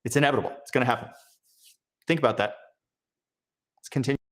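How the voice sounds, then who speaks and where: A man's voice: medium pitch, fast talker. A man hosting political commentary, heated and scornful, breaking down clips and mocking the people in them. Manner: heated, scornful, mocks others in put-on voices. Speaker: commentary host.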